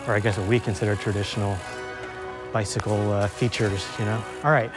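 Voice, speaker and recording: A young man's low voice runs a little fast over background music as he vlogs a mountain bike ride on forest trails. He's breathless and swearing, casually joking about how unskilled he is.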